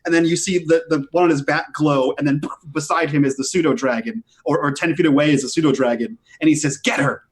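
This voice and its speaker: A man playing a tabletop game, excitable and quick to swear and laugh. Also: a little high. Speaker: player. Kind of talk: casual tabletop play.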